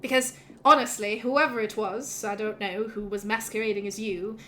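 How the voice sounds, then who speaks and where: A woman's voice: medium pitch, fairly even intonation, moderate pace, bright, forceful tone, slight background noise, natural voice. A woman voicing a fierce, protective mother who calls everyone darling sweetly, then threatens them. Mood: stern.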